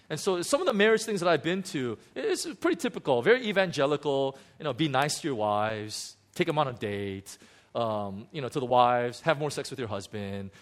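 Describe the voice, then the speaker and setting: A man who is a pastor, telling a candid, self-mocking story from his own marriage in a sermon, with many restarts and fillers. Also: mid-range voice. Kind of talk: sermon testimony.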